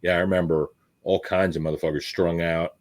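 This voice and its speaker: A man's voice: deep voice, flat delivery, a little fast. A man hosting a casual chat, talking bluntly and swearing freely. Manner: blunt, profane, conversational. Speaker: host.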